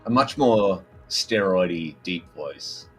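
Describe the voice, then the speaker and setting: A man with an Australian accent, a game co-founder chatting as a guest, laughing often in relaxed banter. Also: low voice, slow pace, faint music behind, rough recording. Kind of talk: casual livestream banter.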